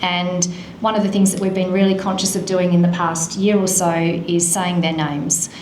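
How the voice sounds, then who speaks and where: A woman's voice: lowish voice, flat delivery, darkish tone, slight background noise. A woman giving an earnest, emotional speech at a charity event. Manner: earnest, emotional, slow and measured. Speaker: charity speaker. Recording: echoey hall.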